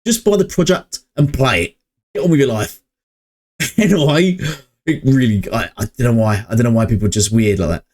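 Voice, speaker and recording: Brisk, expressive and a touch mellow, a man with a mid-range voice runs a laid-back gaming opinion vlog recorded at home on a low-cost mic. He rambles, hesitates often, leans on fillers and chuckles between points.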